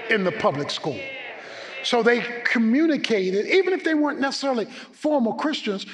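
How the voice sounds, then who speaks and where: A man preaching a sermon as pastor, emphatic, swinging between loud declarations and low asides. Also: big-room sound.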